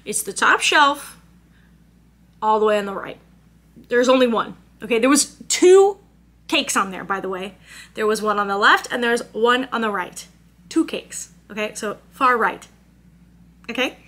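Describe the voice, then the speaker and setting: A woman's voice: on the high side, lively intonation, a little slow, long pauses, a bit bright. A woman vlogger telling a story as a rant, brash, profane and exasperated. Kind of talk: ranting storytime.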